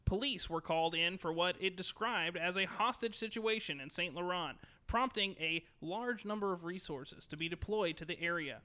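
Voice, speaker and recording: A man's voice: high-pitched, normal speed, hardly any pauses. A man co-hosting a gaming podcast who chats easily and reads news stories aloud, stopping now and then to correct himself. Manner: easygoing, trails off softly, corrects himself while reading. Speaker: podcast co-host. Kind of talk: casual chat and reading news aloud.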